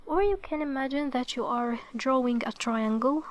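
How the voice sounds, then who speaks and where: A woman teaching the Arabic alphabet to beginners, explaining each step patiently and checking in with "okay". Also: high voice. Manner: slow and careful.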